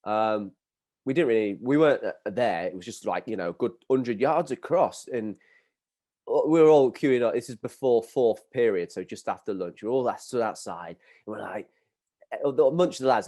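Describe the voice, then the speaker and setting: A man in his thirties with an English accent, hosting a podcast and telling an animated school story with laughter. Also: mid-range voice, normal speed. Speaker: podcast host. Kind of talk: casual chat, storytelling.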